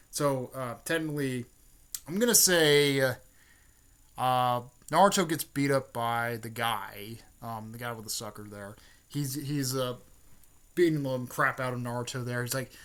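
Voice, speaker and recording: A man casually retelling a fan-made story, rambling, with many fillers and frequent throat-clearing. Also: medium pitch, moderate pace.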